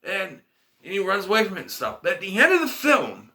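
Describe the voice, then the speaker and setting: A man's voice: sits high, huge pitch swings, brisk, sharp tone. A man casually reviewing a movie in a vlog, retelling scenes in a rambling, emotional way.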